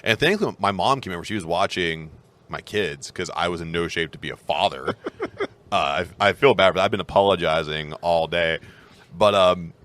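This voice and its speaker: A man's voice: low voice, moderate pace, a bit bright. A man in his thirties co-hosting a podcast, telling a rambling, self-mocking story in casual chat with lots of restarts. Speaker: podcast co-host.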